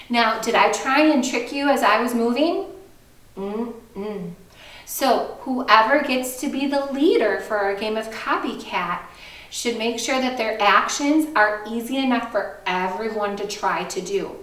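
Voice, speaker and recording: A woman music teacher leading a kindergarten lesson, talking in a slow, sing-song, animated way and breaking into song. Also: on the high side, echoey room, distant mic.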